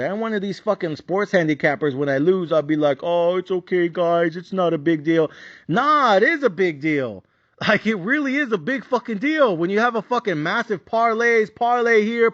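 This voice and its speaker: A man hosting a sports betting podcast, ranting in a swearing, repetitive and animated way. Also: on the high side, dry recording. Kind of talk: profane ranting monologue. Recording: dry, dull lo-fi sound.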